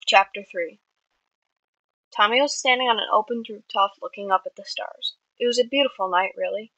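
Bright-voiced woman reading her fiction. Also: medium pitch, moderate pace, dry recording, muffled recording. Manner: earnest reading with small slips and restarts. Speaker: amateur writer. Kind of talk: reading own fiction aloud.

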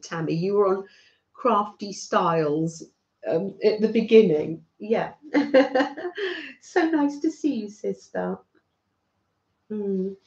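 British woman, craft-stream host, unhurried friendly chatter, roomy slightly muffled home recording. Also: medium pitch, creaky. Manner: warm, chatty, talks to viewers by name, frequent soft laughs. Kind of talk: chatty live craft stream, greeting viewers. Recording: roomy, slightly dull sound.

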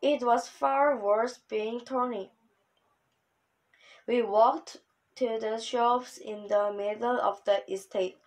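A woman reading a children's novel aloud in a steady, unhurried way. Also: a little high, rough recording. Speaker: reader.

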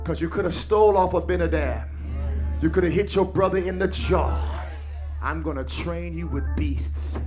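A man preaching a sermon, swinging from low, intimate remarks into shouted, sing-song refrains that repeat phrase after phrase and call on the congregation to answer. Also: moderate pace, faint music behind. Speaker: pastor. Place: church service.

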